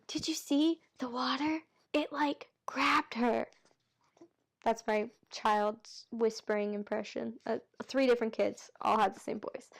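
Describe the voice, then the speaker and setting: Casual woman reading a novel aloud. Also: fairly high pitch. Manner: relaxed, chatty asides and frequent self-corrections. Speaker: amateur reader.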